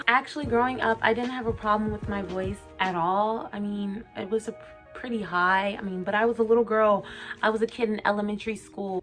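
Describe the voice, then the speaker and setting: A young woman talks straight to her camera in a candid, confessional vlog. Her speech is articulate and clear, open and emotional, at an ordinary middle pitch. Faint music plays softly behind her. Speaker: vlogger.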